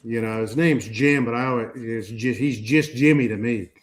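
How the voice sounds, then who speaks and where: A man's voice: mid-range voice, normal speed. Rambling, profane man telling a story. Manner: rambling storyteller, frequent restarts and swearing. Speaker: podcast host. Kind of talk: casual group chat.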